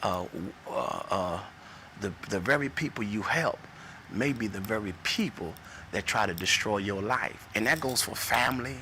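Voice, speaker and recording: A man's voice: lowish voice, pushed and bright, slight background noise. A man in his forties giving an earnest, preacherly personal testimony, repeating phrases for emphasis and telling a parable. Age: 40s. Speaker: speaker sharing his testimony.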